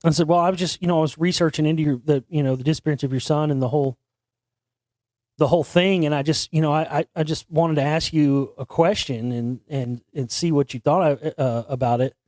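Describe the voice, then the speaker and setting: A man's voice: fairly high pitch, fairly even intonation, brisk, darkish tone, no echo, clean studio sound. A man hosting an internet talk show, telling a long story in a rambling, casual way with frequent restarts and casual swearing. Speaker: podcast host.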